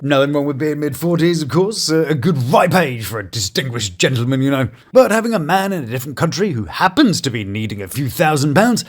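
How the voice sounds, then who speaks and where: A man hosts a comic review show, cracking sarcastic jokes over clips. His voice sits a bit high for a man and swoops widely in pitch. His delivery is animated and mocking. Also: brisk, few pauses. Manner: sarcastic, jokey, lively. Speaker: YouTube show host and reviewer.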